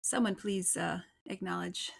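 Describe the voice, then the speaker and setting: A woman hosting a casual livestream interview show, chatty and bubbly and quick to laugh. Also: lowish voice, creaky, slightly rough. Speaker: host.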